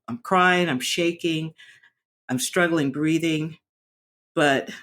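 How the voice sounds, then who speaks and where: A woman's voice: low voice, a bit bright. Earnest woman telling her own story. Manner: reflective and earnest, halting with frequent restarts. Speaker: vlogger sharing a personal story. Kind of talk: candid personal vlog.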